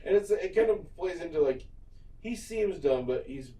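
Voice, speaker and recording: A man's voice: high voice, animated, moderate pace, warm tone, distant mic. A man co-hosting a casual recap podcast, acting out quoted lines and laughing as he retells scenes. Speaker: podcast co-host. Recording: echoey room, away from mic.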